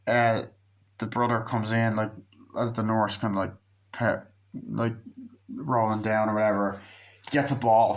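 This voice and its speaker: A man casually recapping a film's plot as a movie reviewer, rambling and swearing freely, with lots of "like" and quoted lines. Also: lowish voice. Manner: profane, rambling retelling full of "like" and acted quotes.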